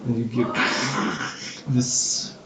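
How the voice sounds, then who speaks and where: Male game master, slow grim narration, echoey room. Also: mid-range voice, monotone, a little hiss or hum.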